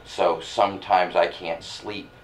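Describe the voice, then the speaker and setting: A man's voice: low-pitched, level tone, slow, slight background noise, rough recording. A man, a comedian guest, talking reflectively and earnestly in a casual chat.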